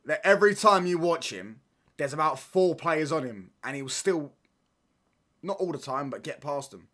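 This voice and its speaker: A man's voice: fairly high pitch, expressive, normal speed, fairly bright tone. A young man chatting casually on a football watchalong stream, reading chat and bantering in slang with stop-start restarts.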